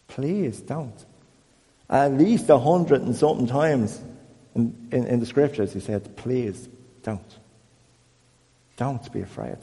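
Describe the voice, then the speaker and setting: A man leading an informal Bible talk for a small group, chatty and self-deprecating, growing more animated as he goes. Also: medium pitch, long reverb tail. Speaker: church group leader.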